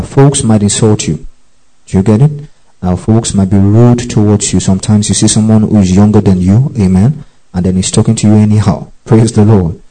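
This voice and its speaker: A man's voice: fairly low pitch, mellow, low-quality recording. A man teaching from the Bible as a preacher, often checking in with his listeners and repeating key phrases.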